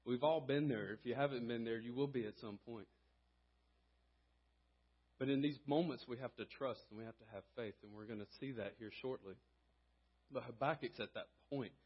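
Brief: husky man preaching in church, earnest, dull lo-fi sound. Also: medium pitch, normal speed, long pauses. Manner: earnest, rising in volume when reading and exhorting. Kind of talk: sermon with scripture reading and prayer. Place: church sanctuary.

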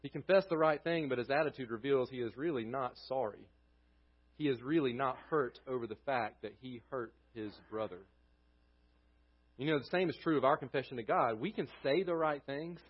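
A man preaching a sermon as pastor, earnest, his voice dropping low and quiet at the ends of phrases. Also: moderate pace, husky, lo-fi sound.

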